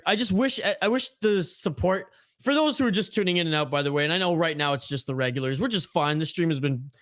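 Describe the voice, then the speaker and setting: A man's voice: on the high side, lively intonation, quick pace, fairly bright tone, no room sound, studio quality. A man hosting a hockey watch-along live stream, chatting and ranting casually with viewers. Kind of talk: casual live-stream chat and game commentary.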